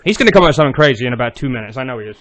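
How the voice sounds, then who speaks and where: A man hosting a podcast in casual chat, eager and quick, swearing freely. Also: mid-range voice, animated, fairly bright tone, dry recording, low-quality recording. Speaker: podcast host.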